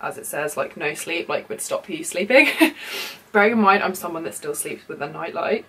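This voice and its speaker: A woman's voice: fairly low pitch, lively intonation, normal speed, a bit bright, breathy edge, rough recording. Chatty woman in her twenties. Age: 20s. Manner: chatty and rambling, many likes and ums. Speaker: beauty YouTuber. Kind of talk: casual vlog chat and reading a creepy story aloud.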